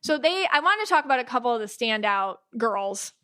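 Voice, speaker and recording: A woman hosts a podcast in casual, chatty conversation. Her voice is bright and sits a little high. She talks animatedly and slips into quick impressions of what others say. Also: clean tone. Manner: chatty and animated, with many restarts and quoted asides. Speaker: podcast host. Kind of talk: casual chat.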